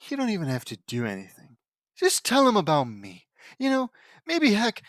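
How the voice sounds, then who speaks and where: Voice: medium pitch, sing-song, normal speed, fairly bright tone, no echo, clean studio sound. A fan fiction audiobook reader breaking off into rambling, exasperated commentary with frequent restarts. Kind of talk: casual reading with commentary.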